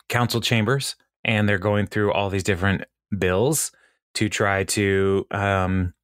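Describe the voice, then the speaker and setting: Easygoing low-voiced man chatting. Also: no room sound, studio quality. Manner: easygoing, laughs often, hesitant fillers. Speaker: podcast co-host. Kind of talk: casual chat.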